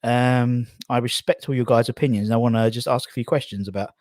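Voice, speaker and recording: A man's voice: medium pitch, fairly even intonation, brisk, darkish tone, dry recording, clean studio sound. A man from England hosting a casual live stream, rambling and out of breath as he reads out viewer comments. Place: garage.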